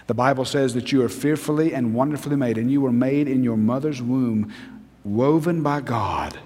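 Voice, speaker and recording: A man preaching a sermon as pastor, repeating key phrases for emphasis and dropping to a hushed tone. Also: mid-range voice, moderate pace, long reverb tail.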